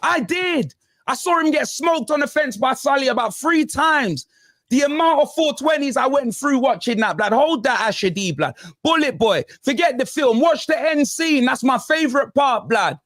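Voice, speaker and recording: A high, wildly swinging male voice, ranting about football on a panel. He fires off slang-laden complaints in a restless rhythm. The sound is dry and close, with no room around it. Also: moderate pace, no echo. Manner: animated ranting with London slang. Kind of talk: heated football banter.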